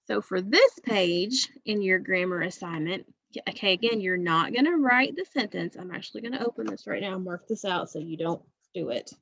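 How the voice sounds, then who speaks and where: A woman's voice: mid-range voice, brisk, vocal fry, fairly bright tone, no room sound, lo-fi sound. A woman teacher giving a recorded class lesson to young students, patient and repetitive, checking understanding with frequent okays.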